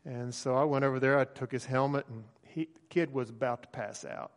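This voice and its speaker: A middle-aged man, a pastor, telling a story in a sermon in a relaxed, conversational way, with many pauses and fillers. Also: medium pitch. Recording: long hall reverb.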